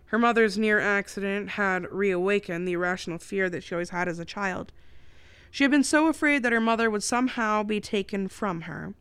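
Woman reading her own book on a podcast, smooth clear voice, dry close sound. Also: mid-range voice, no room sound. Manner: steady storytelling narration. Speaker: podcast host and author.

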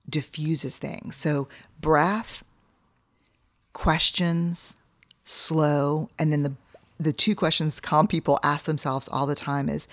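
A woman's voice: low-pitched, no echo. A woman guest in casual conversation, telling stories with energy, acting out other people's lines and swearing casually. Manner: animated storyteller, acts out quoted voices, casual swearing.

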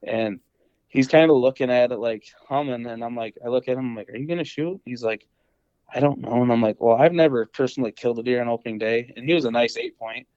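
A young man spins a hunting story in an easygoing, rambling way, leaning on fillers and playing out bits of dialogue. His voice sits in a medium pitch, recorded close and dry with no room around it. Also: fairly even intonation, quick pace, darkish tone, dry recording, dull audio. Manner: rambling, many fillers and acted-out quotes. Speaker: podcast guest, deer hunter. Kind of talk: casual storytelling.

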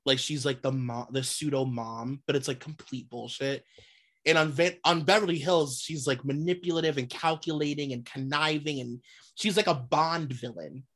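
Her bass voice moves at a moderate pace. She co-hosts a podcast, chatting casually and ranting in a blunt, sweary, animated way, laughing as she goes.

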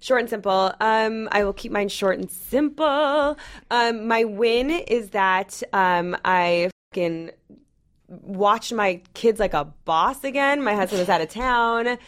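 A woman's voice: mid-range voice, slow pace, fairly bright tone. A woman in her thirties co-hosting a podcast, chatting casually and frankly, swearing freely and filling her sentences with "um" and "like.". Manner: frank and profane, full of "um" and "like". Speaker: podcast co-host. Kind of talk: casual chat.

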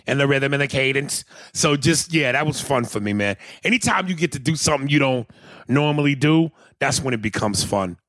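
A man's voice: medium pitch, animated, brisk, fairly bright tone, no room sound. A man co-hosting a podcast in casual chat, boisterous and profane, often laughing. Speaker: podcast co-host.

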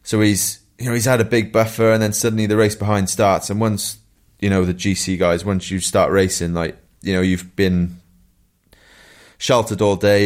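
Low-voiced Welsh man telling stories. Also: clear, resonant tone. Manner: relaxed storytelling with laughs and asides. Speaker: co-host, former pro cyclist. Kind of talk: casual podcast chat.

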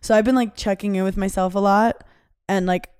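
A woman in her thirties chatting as a podcast guest, blunt and sweary, leaning on "like" as she talks. Her voice sits at a middle pitch. The sound is dry and close, with no room echo. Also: steady tone, brisk, darkish tone, clean tone. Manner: candid, swears often, many "like" fillers. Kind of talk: casual chat.

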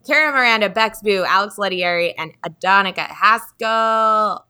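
A woman co-hosting a podcast in casual chat, laughing often and telling stories in an animated way. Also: mid-range voice, moderate pace, clean tone. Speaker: podcast co-host.

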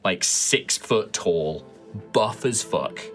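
A man's voice: low-pitched, lively intonation, takes it slowly, fairly bright tone, faint music behind. Rambling man narrating a game. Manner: rambling, many ums and likes. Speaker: game master.

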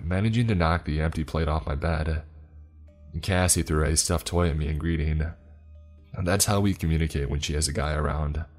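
A man narrating a scripted first-person story in a steady, even way. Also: rumbling low.

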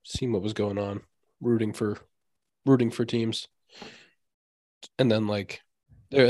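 A man's voice: fairly low pitch, darkish tone, no echo. A young man hosting a casual podcast, talking over a baseball season in a downbeat, reflective way. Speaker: podcast host and baseball player. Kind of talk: casual chat.

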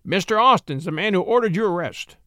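A man voicing a rough frontier deputy with gruff, rustic country speech. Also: high voice, expressive, a little fast, pushed and bright, no echo, clean studio sound. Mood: blustering. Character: blustering frontier deputy, rough and then cowed.

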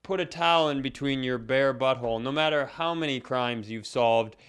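A man's voice: mid-range voice, moderate pace, fairly bright tone, smooth. A man co-hosting a comedy podcast, telling rambling stories full of self-corrections in casual chat. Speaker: podcast co-host.

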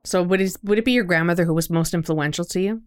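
A woman's voice: fairly low pitch, quick pace, clean tone. A woman hosting an interview, asking questions and adding brief, encouraging remarks. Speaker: interview host. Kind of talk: casual interview chat.

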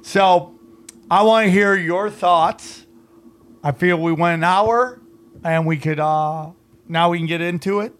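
Man, podcast host, high voice, blunt, swears, casual chat. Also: unhurried, a bit bright. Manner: blunt and profane.

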